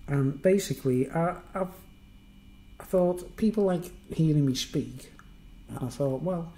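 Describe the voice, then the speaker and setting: Mellow-voiced Merseyside man rambling on a stream. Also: a little high, measured pace, rough recording. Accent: toned-down Merseyside. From Merseyside, England. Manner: rambling, self-mocking, chatty with many fillers. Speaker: live streamer. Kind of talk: casual live-stream monologue.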